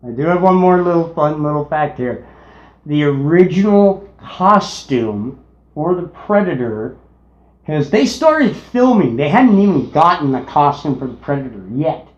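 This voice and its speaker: Slow-talking man sharing movie trivia. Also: a little high, sing-song. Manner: unhurried, shares trivia tidbits. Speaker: podcast co-host. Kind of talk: casual movie review chat. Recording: echoey room, dull lo-fi sound.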